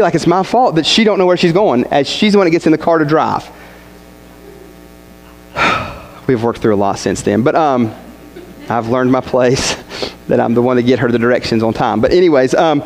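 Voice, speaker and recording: A man's voice: on the high side, poor audio. A young man, a student pastor preaching a sermon through a rambling, folksy personal story full of restarts. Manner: rambling, self-interrupting, folksy.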